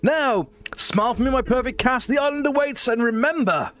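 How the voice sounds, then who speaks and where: A man's voice: very high voice, brisk, fairly bright tone, voice pushed up. A man voicing a grandiose, commanding male film director with a theatrical, ominous manner.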